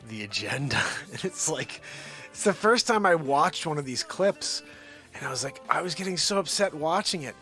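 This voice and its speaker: A man hosting his nightly live show, joking around and swinging between loud hype and low mutters. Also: animated, normal speed, faint music behind. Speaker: host. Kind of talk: comedic live-stream banter.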